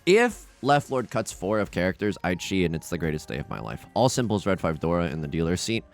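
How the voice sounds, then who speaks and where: A young man commenting on his own online game as he plays, self-mocking and excitable, swinging from mumbled asides to loud outbursts. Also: deep voice, fairly quick, soft background music. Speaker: gaming YouTuber. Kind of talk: live commentary while playing.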